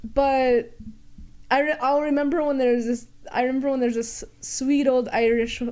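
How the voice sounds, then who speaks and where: A woman's voice: high-pitched, level tone, normal speed, warm tone. A woman co-hosting a podcast, chatty and playful, often cutting in mid-sentence. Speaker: podcast co-host. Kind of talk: casual chat.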